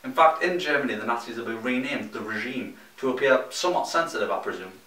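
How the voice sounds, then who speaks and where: A young Geordie man rattles through gaming news at a quick clip, with dry, teasing asides between the items. His voice sits in a roomy, echoey space, picked up from a little way off the mic. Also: mid-range voice, lively intonation, bright, forceful tone. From North East England. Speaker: co-host of a gaming news show. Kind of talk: scripted comedic news reading. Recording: roomy echo, mic at a distance.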